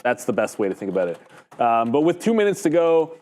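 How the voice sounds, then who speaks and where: Male co-host, live trading commentary, plain blunt delivery, average pitch. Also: sing-song, a little fast, a little mellow. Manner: blunt, matter-of-fact.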